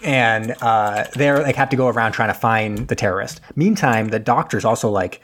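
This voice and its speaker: A man's voice: lowish voice, moderate pace, a bit bright. A man casually recapping a movie plot on a podcast, rambling with lots of fillers and losing his thread. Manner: rambling, filler-heavy, loses his train of thought.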